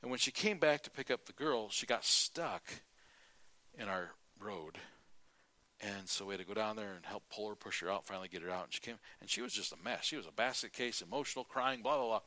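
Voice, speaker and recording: A middle-aged male preacher giving a sermon, telling folksy stories, acting out quotes and often clearing his throat. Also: lowish voice, expressive, fairly quick, sharp tone.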